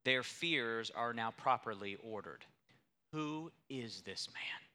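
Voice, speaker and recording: Bright-voiced man preaching a sermon. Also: mid-range voice, lively intonation, takes it slowly. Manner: storytelling, emphatic with rising intensity. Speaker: pastor.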